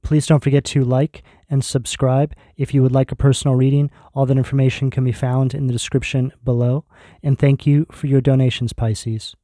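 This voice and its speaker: A man giving a tarot reading video, speaking in slow, emphatic, intense declarations. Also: mid-range voice, level tone, warm tone, no echo, clean studio sound. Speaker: tarot reader.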